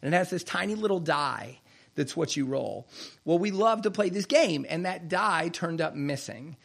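A man preaching a sermon, reading scripture aloud and slowing down to stress key phrases. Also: a little high, lively intonation, vocal fry, fairly bright tone.

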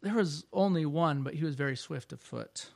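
A man voicing a vast, gentle male lion as he reads from a storybook in a soft, low, hushed way. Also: moderate pace, creaky, no echo. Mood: calm, gentle. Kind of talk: reading aloud from a storybook.

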